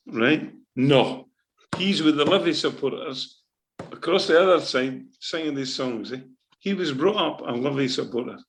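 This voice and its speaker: Middle-aged scottish guy, gravelly voice, rambling emotional football stories, keeps saying right. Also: medium pitch, low-quality recording. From Scotland. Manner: animated, repetitive, keeps asking "right?". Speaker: football manager. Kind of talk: emotional storytelling interview.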